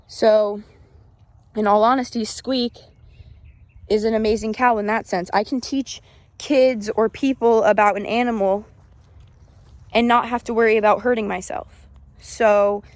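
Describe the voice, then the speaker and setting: A woman's voice: medium pitch, no room sound. Chatty young woman rambling in a cow pen. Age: young adult, eighteen. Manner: chatty, rambling, self-correcting. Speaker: hobby cattle keeper vlogger. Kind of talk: casual rambling vlog chat. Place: outdoors in a cattle pen. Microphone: handheld phone.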